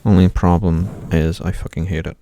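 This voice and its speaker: A man's voice: low voice, little pitch movement, normal speed, mellow, no room sound. An Irish man hosting a casual ASMR ramble into a desk microphone at home, swearing constantly and joking wryly. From Ireland. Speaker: ASMR channel host. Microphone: Blue Yeti desk microphone.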